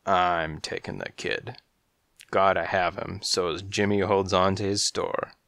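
A man voicing a huge, menacing tough tomcat who talks gruff and low in a storybook reading. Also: fairly even intonation, slow, fairly bright tone, no echo, clean studio sound, exaggerated voice. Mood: threatening.

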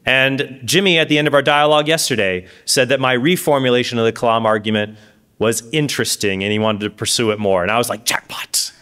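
A man giving a lively lecture at a conference, with quick asides and self-corrections. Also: medium pitch, clean tone. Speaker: speaker giving a conference talk. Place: conference stage before an audience.

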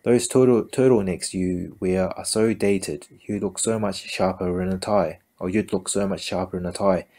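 A man's voice: deep voice, fairly even intonation, moderate pace, few pauses, warm tone. A man voicing a cheerful, chatty middle-aged British woman who talks in an exuberant sing-song. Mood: sheepish teasing.

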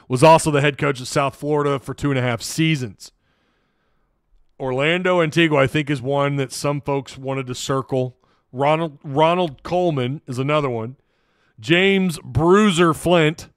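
Dude rambling thru a sports livestream, smooth clear voice, dry sound. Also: male voice, medium pitch, no room sound. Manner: rambling, chatty, lots of restarts. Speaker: host. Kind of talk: live sports talk show, reading chat.

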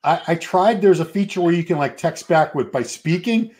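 Middle-aged guy hosting a live stream, kinda high voice, just rambles on chatting. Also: animated, moderate pace, noisy background. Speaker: host. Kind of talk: casual livestream chat.

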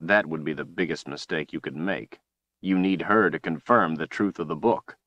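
A man's voice: a bass voice, moderate pace, a bit bright, no echo, dull audio. A man voicing a defiant young male hero in an audiobook, speaking bluntly and stubbornly. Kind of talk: audiobook character voice.

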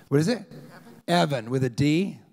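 A male stand-up comic on a club stage with a handheld mic, his somewhat high voice full of gravel. He rambles through his set, and his pitch swings wildly as he shouts out bits of crowd work and acts out fans yelling at him. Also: expressive, fairly quick. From Colorado, US. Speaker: stand-up comedian. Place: comedy club stage with a live audience.

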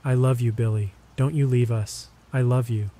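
A man's voice: medium pitch, fairly even intonation, moderate pace, warm tone, lightly acted. A man voicing a stern elderly grandfather who pleads in a choked whisper. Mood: desperate pleading. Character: stern old grandfather, pleading through tears.

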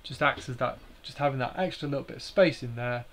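A man's voice: mid-range voice, fast. A man hosting a live stream, explaining slides in a hesitant way with many fillers and restarts.

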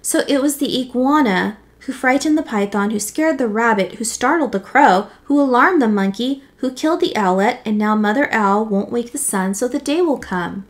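A woman's voice: on the high side, expressive, normal speed, few pauses, lightly acted. A proud lion king presides over the animal council in a stately, judging tone, as a woman reading aloud voices him. He is the ruler of this storybook world and sounds like one. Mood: solemn.

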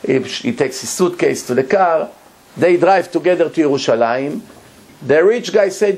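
A man's voice: a little high, lively intonation, moderate pace, a little mellow. A man, a rabbi giving a Torah lecture, telling a story emphatically and repeating words for effect.

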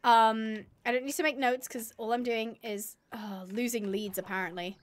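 A woman's voice: on the high side, steady tone, normal speed, slight background noise. A woman streaming a game live, chatting and mocking herself as she talks to her animals. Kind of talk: live gameplay commentary.

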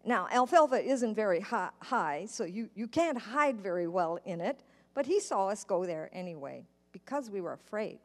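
In a church sanctuary, a woman tells children a story, speaking patiently and putting questions to her young listeners. Her mid-range voice swings widely in pitch at a normal speed, and the church live stream carries a long hall reverb.

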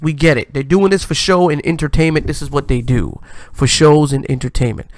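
A man's voice: on the high side, a little fast, no echo, clean studio sound. A man hosting a live-stream commentary vlog, lecturing his viewers in a preachy, emphatic way.

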